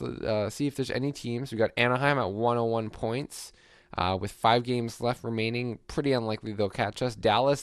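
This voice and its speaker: A man's voice: fairly low pitch, no room sound, clean studio sound. A young man casually commenting as he plays a hockey franchise mode, rambling with lots of fillers and upbeat asides. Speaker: gaming YouTuber.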